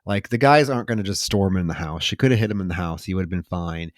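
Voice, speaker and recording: A man's voice: sits low, fast talker, no echo. Man animatedly retelling a film, dry sound. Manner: animated retelling with loud shouted quotes of film lines. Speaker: podcast co-host. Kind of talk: casual film-review chat.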